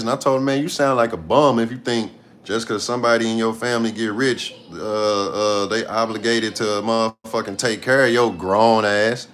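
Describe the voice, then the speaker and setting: A man's voice: lowish voice, fairly even intonation, normal speed, fairly bright tone. Blunt, profane man ranting on a livestream. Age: 30s. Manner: blunt, profane, repeats himself for emphasis. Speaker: live streamer. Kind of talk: casual livestream rant.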